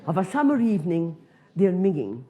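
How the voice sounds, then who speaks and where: Scottish woman, comedian, lower voice, broad earthy storytelling, acts out voices. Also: sing-song, fairly quick, mellow. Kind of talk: comic storytelling monologue.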